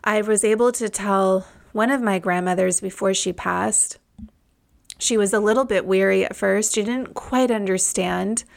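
A woman's voice: medium pitch, vocal fry. A woman in her thirties hosting a podcast, telling a personal story in a reflective, heartfelt way. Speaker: podcast host.

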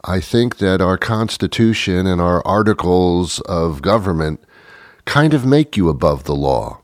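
A man's voice: deep voice, expressive, a little slow, no room sound, studio quality. A man hosting a show, delivering a sarcastic political monologue and chuckling often as he mocks. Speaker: political commentary host.

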